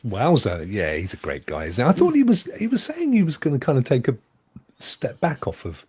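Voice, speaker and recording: A man's voice: mid-range voice, wildly swooping pitch, brisk, darkish tone, husky. An English man hosting a casual live-streamed chat show, joking, poking fun at himself and laughing often. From England. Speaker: host.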